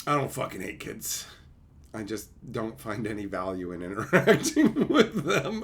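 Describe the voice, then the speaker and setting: A man's voice: fairly low pitch, sing-song, unhurried, gravelly, a bit bright. A man streaming live, ranting crudely and mockingly, laughing often. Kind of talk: profane rant.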